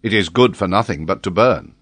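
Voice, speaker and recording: A man reading an audiobook, voicing a decisive sea captain giving crisp, firm orders. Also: low voice, expressive, brisk, a bit bright, no echo. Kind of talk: audiobook character voice.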